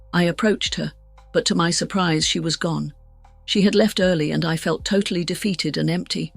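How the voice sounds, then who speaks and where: A woman's voice: sits low, steady tone, moderate pace, gravelly, breathy edge, dry recording, faint music behind. A woman telling a personal testimony in an interview, frank and blunt, with a self-mocking edge. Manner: frank, blunt and self-mocking, voices her past self with urgency. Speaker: guest sharing a near-death testimony. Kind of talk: candid personal storytelling in an interview.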